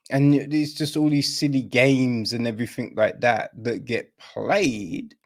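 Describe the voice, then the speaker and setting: A man hosting a film review podcast, talking casually with many fillers and swinging from high exclamations to low mutters. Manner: incredulous, rambling, with many fillers.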